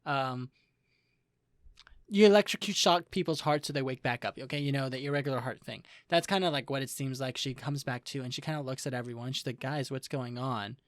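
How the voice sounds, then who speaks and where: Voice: mid-range voice, fairly quick, dry recording, studio quality. A young adult podcast co-host recapping an anime in casual chat, talking in a chatty way with lots of fillers and playful quoted voices.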